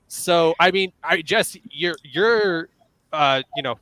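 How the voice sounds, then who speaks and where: Bright-voiced man moderating a panel. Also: on the high side, takes it slowly, poor audio. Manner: explanatory, thinking aloud with restarts. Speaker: panel moderator and game master. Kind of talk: casual panel discussion.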